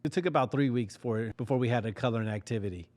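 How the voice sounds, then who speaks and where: A man hosting a podcast, telling a comedic story with lively acted-out quotes and frequent laughs. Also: mid-range voice, fast. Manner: animated, laughs often, acts out quotes. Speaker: podcast host.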